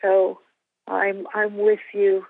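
A woman's voice: medium pitch, monotone, vocal fry, no echo. Emotional woman on a phone line. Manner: emotional, halting with many restarts. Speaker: missionary guest. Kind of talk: testimony and prayer on a talk show.

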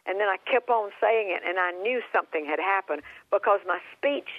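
A woman's voice: medium pitch, animated, fairly quick, no echo. A woman guest minister telling her healing story in an interview, earnest, often repeating and restarting words. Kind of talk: phoned-in interview testimony. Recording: tinny phone line.

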